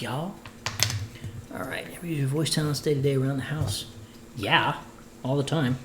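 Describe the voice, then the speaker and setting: A man's voice: medium pitch, fairly even intonation, moderate pace, pauses often, echoey room, noisy background. A man, a voice actor, chatting playfully with viewers while cooking on a livestream. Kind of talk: casual cooking livestream chat.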